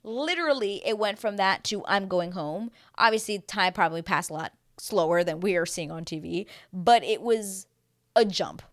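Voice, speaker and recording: A woman's voice: medium pitch, normal speed, dry recording, clean studio sound. A woman recapping a reality dating show in a casual, gossipy way, talking bluntly, swearing freely and mimicking the cast.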